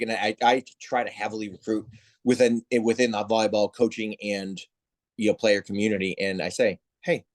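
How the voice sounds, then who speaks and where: A man who heads volleyball officiating, telling stories in a casual interview and acting out the people he quotes. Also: fairly low pitch. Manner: animated storyteller, acts out quoted voices. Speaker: head of volleyball officials, guest.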